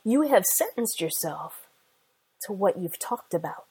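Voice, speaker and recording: Breathy woman preaching a sermon. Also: mid-range voice, very animated, a little slow, dark tone, low-quality recording. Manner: earnest, conversational storytelling with scripture quotes.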